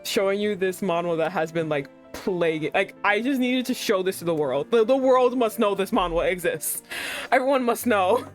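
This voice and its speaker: A young woman hosting a casual livestream chat, excitable, swearing and breaking into laughing outbursts. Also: mid-range voice, moderate pace, soft background music. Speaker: streamer host.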